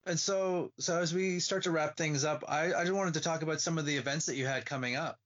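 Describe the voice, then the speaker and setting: A man's voice: on the high side, fairly even intonation, brisk, a bit bright. A man hosting an interview, reacting with short exclamations and wrapping up with plug questions. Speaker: interviewer host. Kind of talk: casual interview chat. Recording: dull lo-fi sound.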